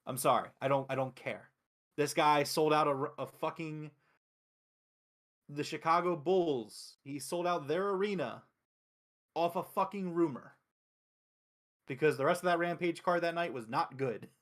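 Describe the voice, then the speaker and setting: A man hosting a wrestling review show in casual chat, excitable and profane, retelling events with quick acted quotes. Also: a little high.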